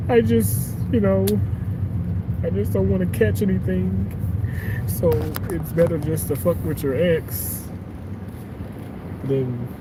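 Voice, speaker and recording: A man with a drawl talks slowly and loosely to his viewers, cursing freely as he reads their comments. His voice sits high. The phone audio carries loud street and car noise. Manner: loose, profane, reads chat comments aloud. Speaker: live streamer. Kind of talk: casual live stream chat. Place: outdoors in a car, evening.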